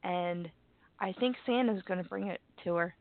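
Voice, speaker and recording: A woman's voice: lowish voice, moderate pace, dry recording. A woman with a cold, chatting casually and giggling often. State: sick with a cold. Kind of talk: casual chat. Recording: tinny phone-like line, dry.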